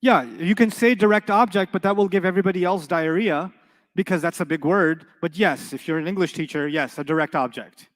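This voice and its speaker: A man teaching an Arabic grammar class in a classroom, playful and animated, quizzing his students with quick questions. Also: sits high. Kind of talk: classroom lecture.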